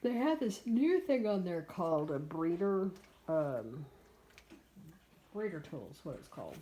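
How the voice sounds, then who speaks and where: A woman's voice: on the low side, sing-song, a little slow, mellow. A woman in her fifties, a dog breeder, chatting casually and bluntly about her puppies at her kennel, with exasperated asides. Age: 50s. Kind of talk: casual vlog chat.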